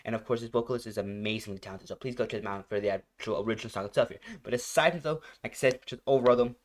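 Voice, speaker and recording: A man's voice: fairly low pitch, very fast. Gushing, rambling young man reacting. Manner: gushing, rambling, searching for words; laughs often between phrases. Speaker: reaction channel host. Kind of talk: casual reaction commentary.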